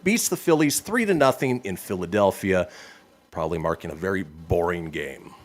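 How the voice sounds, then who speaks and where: A man's voice: deep voice, moderate pace. A man hosting a radio show, reading this-day-in-history items with casual, joking banter. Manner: lively, laughs often.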